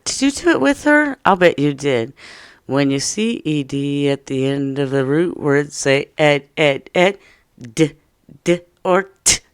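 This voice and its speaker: A woman teaching a first-grade lesson, speaking slowly and playfully to young children. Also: sits low, expressive, clear, resonant tone, no room sound, clean studio sound.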